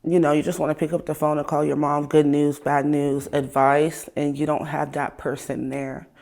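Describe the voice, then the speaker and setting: A woman from Ohio, a guest in an interview, speaking candidly and casually, her voice sometimes trailing off softly. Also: low-pitched, level tone, moderate pace, vocal fry. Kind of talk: emotional personal interview.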